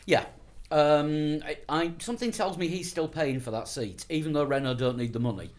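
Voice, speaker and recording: Higher-voiced, hesitant podcast co-host. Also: male voice, moderate pace. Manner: thoughtful, hesitant starts, laughs easily. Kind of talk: casual chat.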